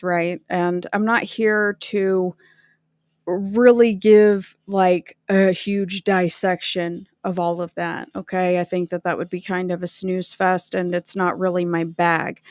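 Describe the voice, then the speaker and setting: A woman's voice: medium pitch, no room sound, clean studio sound. A woman hosting a casual livestream, chatting and greeting viewers by name. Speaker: livestream host.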